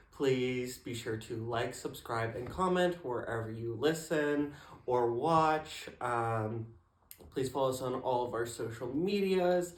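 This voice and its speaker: Man, podcast co-host, animated storyteller, mid pitch, roomy echo. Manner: animated storyteller, fillers, acts out quotes. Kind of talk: casual storytelling chat.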